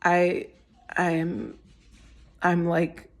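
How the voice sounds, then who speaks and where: A woman's voice: fairly low pitch, monotone, drawn-out words. A tired young woman vlogging casually, giddy and giggly, rambling with many restarts.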